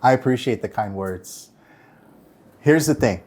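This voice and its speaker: A man's voice: medium pitch, lively intonation, a little slow, darkish tone. A man being interviewed as a real estate broker, telling stories earnestly and acting out what others said. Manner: earnest storytelling, acts out quoted voices. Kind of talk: interview answers.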